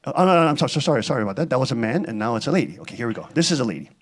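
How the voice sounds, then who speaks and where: A man's voice: mid-range voice, big pitch swings, very fast. A church leader, a man, giving rambling, sarcastic commentary and reading out viewer letters.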